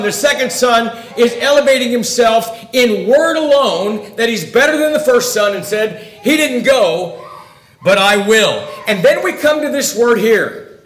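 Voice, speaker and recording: A man preaching a sermon, emphatic, swinging between loud declarations and quiet, confiding asides. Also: extremely high pitch, reverberant.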